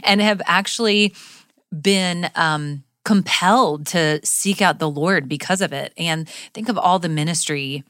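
A woman's voice: lowish voice, unhurried, fairly bright tone, smooth, dry recording, studio quality. A woman co-hosting a news talk show, speaking in a chatty, conversational way. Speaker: co-host. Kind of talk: casual news chat.

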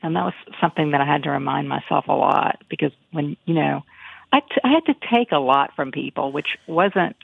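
Woman, 50s, Southern-raised author guest; gravelly, halting, reflective; dry, phone-like audio. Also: low-pitched, no room sound. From American South. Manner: reflective, halting, many restarts and fillers. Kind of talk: casual interview conversation. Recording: tinny phone-like line, dry.

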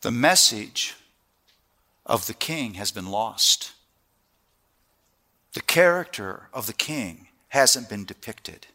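A middle-aged man preaching a sermon, telling family stories in a lively way and then dropping to a hushed, earnest tone. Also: fairly low pitch, slow, pauses often. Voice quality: animated storyteller who drops to a hushed, earnest tone.

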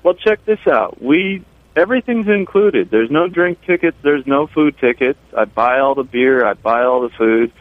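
Pria di saluran telepon yang tipis. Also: male voice, medium pitch, normal speed, dry recording. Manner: relaxed, chatty storytelling. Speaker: brewer calling in. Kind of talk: casual radio chat. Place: brewery. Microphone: phone line. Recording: tinny phone line.

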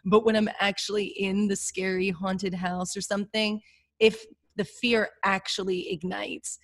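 A woman's voice: medium pitch, measured pace. Woman on a podcast telling a spooky story, acts out the quotes, chatty. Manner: animated storyteller, acts out her own quotes. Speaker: podcast guest; speaker on CBD for women. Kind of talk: casual chat.

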